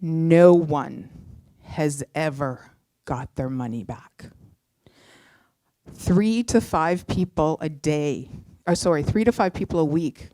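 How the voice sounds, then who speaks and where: A middle-aged woman from Canada telling a personal story, heartfelt, moving between animated and hushed moments. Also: low voice, slow pace, dry recording, studio quality.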